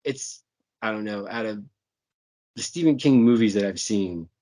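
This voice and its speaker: A man's voice: on the low side, moderate pace, warm tone. A man co-hosting a casual movie chat, rambling and profane, often repeating himself. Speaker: podcast co-host.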